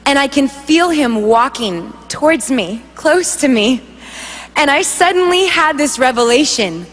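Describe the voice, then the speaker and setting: Young woman, high bright voice, animated storyteller at a church stage mic, long hall reverb. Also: a little slow, slight background noise. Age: young adult. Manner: animated storytelling, acts out voices, laughs often. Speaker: worship leader giving testimony. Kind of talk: testimony preached to a congregation.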